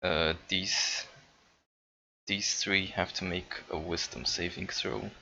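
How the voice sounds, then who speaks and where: A man's voice: sits low, steady tone, slow pace, creaky, pushed and bright, muffled recording. A man playing a tabletop role-playing game, speaking hesitantly while he checks his notes. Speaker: player. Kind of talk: casual tabletop game chat.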